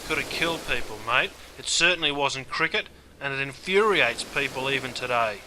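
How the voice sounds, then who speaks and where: A man's voice: medium pitch, fairly quick, bright, forceful tone, slight background noise. A man with a broad Australian accent explaining sporting slang in a blokey, scripted comic style, calling everyone mate. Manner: blokey, says mate constantly. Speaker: host teaching Australian slang.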